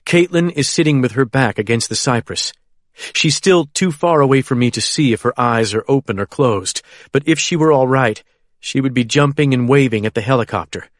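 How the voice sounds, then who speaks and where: Guy reading a thriller audiobook, mid pitch, super dry close sound. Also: normal speed, no echo. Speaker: audiobook narrator. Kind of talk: first-person thriller audiobook narration.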